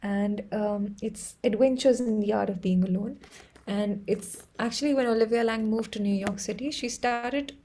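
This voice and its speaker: Husky, gravelly Indian woman chatting live. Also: medium pitch, normal speed, poor audio. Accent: Indian English. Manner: chatty, laughs often, excitable storytelling. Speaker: livestream host. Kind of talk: casual live-stream chat.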